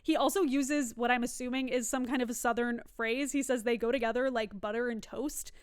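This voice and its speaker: A woman's voice: fairly high pitch, steady tone, brisk, clean tone. A young woman giving a casual, opinionated TV recap, chatty and laughing often. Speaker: TV recap reviewer.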